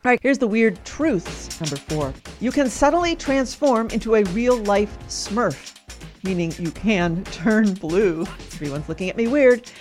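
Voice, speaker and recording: Woman, host, cheerful, reads facts aloud, medium pitch, faint music. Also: animated, unhurried, a little mellow. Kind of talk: hosted trivia game show.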